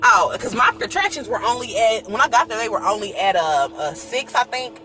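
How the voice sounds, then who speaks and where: A woman vlogger telling a personal story in casual chat, animated and laughing, acting out the people she quotes. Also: fairly high pitch, fairly quick, soft background music.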